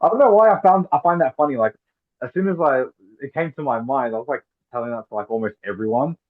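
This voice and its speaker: A man's voice: medium pitch, expressive, fast talker. Man, chatty interviewer, amused asides, tinny narrow phone sound. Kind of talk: casual conversation.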